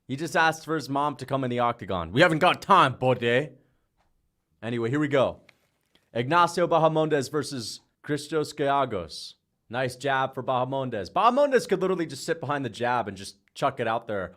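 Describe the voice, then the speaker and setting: A young man streaming live, calling fight picks with hyped, shouting bursts, swearing and playful trash talk. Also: on the high side, very animated, brisk. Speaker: livestreamer making fight picks. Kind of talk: excited livestream reaction commentary.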